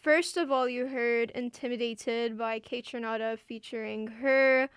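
A young woman co-hosts a casual radio music show, chatty and quick to giggle. Her voice sits high and smooth, and she talks at an unhurried pace. The studio sound is close and dry. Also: fairly even intonation, no echo. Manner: giggly, chatty, trails off mid-sentence.

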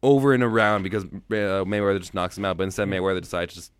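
Fast-talking, smooth-voiced podcast co-host. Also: male voice, low voice, fairly even intonation, dry recording. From Montreal, Canada. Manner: joking, stammering restarts. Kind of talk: casual banter.

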